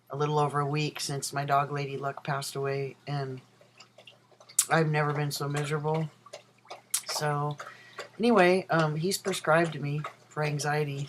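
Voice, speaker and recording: A man's voice: on the high side, a little hiss or hum, low-quality recording. A transgender man chatting in a casual video diary from his apartment, rambling with many ums and self-corrections. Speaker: vlogger. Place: own apartment.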